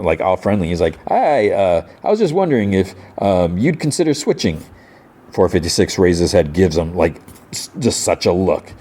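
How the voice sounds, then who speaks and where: A man's voice: low voice, warm tone, slight background noise. A man hosting a podcast, casually retelling a TV episode in a rambling way, stumbling and repeating words. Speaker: podcast host.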